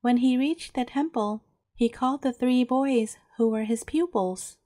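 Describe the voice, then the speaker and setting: Woman storyteller, bedtime tale, higher voice, mellow tone, dry close sound. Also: unhurried, no echo.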